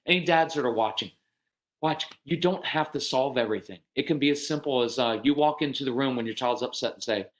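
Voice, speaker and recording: Speaking fairly quickly and directly to dads, a man gives a folksy, earnest parenting seminar. When he quotes other parents, he acts them out with sudden jumps in pitch.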